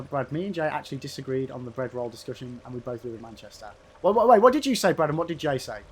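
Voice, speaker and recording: A man's voice: on the high side, darkish tone, slight background noise. A man with an English Midlands accent chatting casually with his stream's chat while playing, swearing freely and answering viewers by name. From England. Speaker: gaming streamer. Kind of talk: casual livestream chat reading viewer messages.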